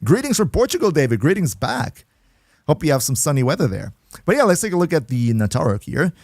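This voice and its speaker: A man's voice: on the high side, big pitch swings, brisk, a little mellow, dry recording, clean studio sound. A man streaming a game live, chatting casually, laughing often and answering viewers in the chat as he plays. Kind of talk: casual livestream gameplay commentary.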